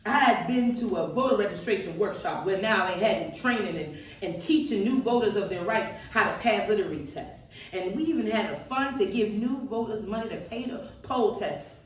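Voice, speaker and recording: In a seated stage reading heard from far off in a roomy hall, an actress plays a defiant middle-aged Southern woman activist with a Mississippi accent and an earthy, testifying cadence. Her mid-range voice is fairly quick, with lively intonation and a lightly acted delivery.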